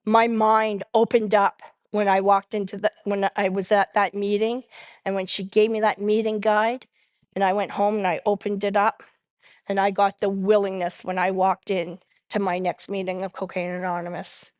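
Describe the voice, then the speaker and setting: A woman shares her recovery story from the stage in a mid-pitched voice. She tells it as a lively storyteller who slips into the voices of the people she quotes. The sound is dry and close, with no room echo. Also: moderate pace. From Canada. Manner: animated storyteller who acts out quoted dialogue. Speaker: main speaker at a recovery convention. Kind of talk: personal recovery testimony.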